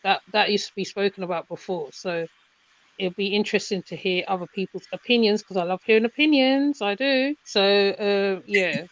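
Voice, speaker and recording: A woman's voice: medium pitch, moderate pace, no room sound. Hesitant woman on dull lo-fi audio. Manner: hesitant, repeats words, many fillers. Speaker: mother and chat participant. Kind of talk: casual group chat.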